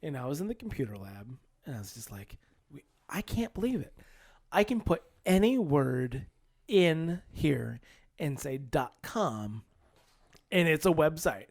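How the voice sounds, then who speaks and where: Podcast cohost guy, medium voice, really expressive, storytelling and acting out his reactions. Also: on the high side, unhurried. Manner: animated storyteller, acts out his own reactions. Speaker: podcast co-host. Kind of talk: casual chat.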